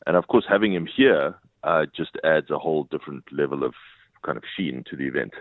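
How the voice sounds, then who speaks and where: Mayor on a phone line. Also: male voice, very deep voice, lively intonation, no echo. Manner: measured, with fillers and restarts. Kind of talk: radio interview answers.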